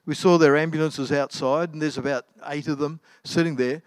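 A middle-aged man gives an anecdotal, conversational sermon, restarting often and saying lots of ums. He speaks at normal speed in a steady, slightly high voice, with no room sound.

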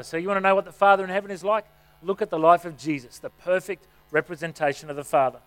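Male pastor, middle-aged, higher voice; easy, storytelling sermon delivery. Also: steady tone, quick pace, fairly bright tone. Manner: conversational, self-mocking storytelling.

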